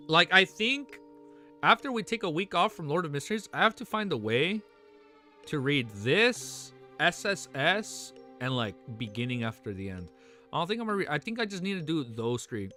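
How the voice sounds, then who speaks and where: An excitable young male streamer with a slightly high, sharp and bright voice. He chats loosely with his audience, calling everyone "bro" and "man", and shifts into an earnest, consoling tone for heavy topics. Faint music plays underneath. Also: normal speed. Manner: excitable, talks to chat with constant "bro" and "man"; earnest and consoling when serious. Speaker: livestreamer. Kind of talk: casual live-stream chat.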